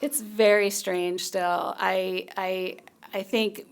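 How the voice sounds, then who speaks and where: A middle-aged woman from Long Island, a genealogist being interviewed in a TV studio, telling stories in a chatty, animated way with plenty of fillers. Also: medium pitch, slow pace, vocal fry, clean tone. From Long Island, New York. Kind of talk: casual conversational interview. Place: TV news studio.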